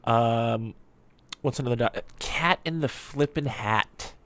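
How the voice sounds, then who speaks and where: A man's voice: medium pitch, slow, a bit bright, dry recording. A man hosting a reaction video, musing aloud with rambling commentary and frequent ums.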